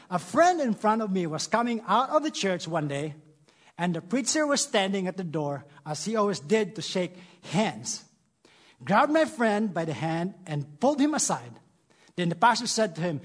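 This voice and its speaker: A man with a Filipino accent speaks to a church congregation, opening his sermon with self-deprecating jokes. His voice sits high and swings widely in pitch, with a husky edge. He sounds animated and laughs at himself often. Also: moderate pace. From Philippines.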